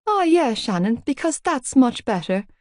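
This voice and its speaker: A woman's voice: high voice, very animated, normal speed, a little mellow, no echo, clean studio sound, pitched above the performer's own voice. A woman reading a cool, teasing young lad. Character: cocky, calm young Irish rugby player. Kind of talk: audiobook character voice.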